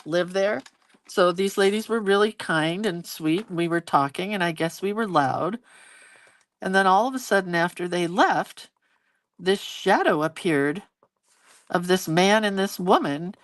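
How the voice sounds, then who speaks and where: A woman's voice: fairly low pitch, a little slow, dry recording. A middle-aged woman chatting casually and telling a story while she draws, acting out quotes as she goes. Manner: chatty, animated retelling with acted quotes. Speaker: hand-lettering creator hosting a live video.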